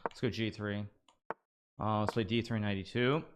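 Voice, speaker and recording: A man commentating live on his own chess games as a streamer, thinking aloud, with sudden excited bursts of self-criticism. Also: fairly low pitch, moderate pace, background noise. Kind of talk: live commentary while playing online chess.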